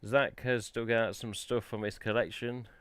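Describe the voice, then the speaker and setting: A man's voice: on the low side, flat delivery, moderate pace, clean tone, dry recording. A man hosting a casual live stream, chatting in a rambling way and answering the chat. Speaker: livestream host.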